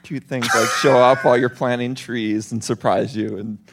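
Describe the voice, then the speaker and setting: A man guest on a live comedy podcast, speaking haltingly with restarts and a sheepish tone. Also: mid-range voice, steady tone, fairly bright tone, a little hiss or hum. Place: theater stage before a live audience.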